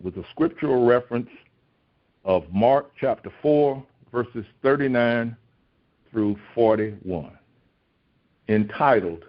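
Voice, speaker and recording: Unhurried, a man preaches a devotional sermon on a recording, asking rhetorical questions and straining his voice high as he dramatizes pleas. The recording has a dull, lo-fi quality.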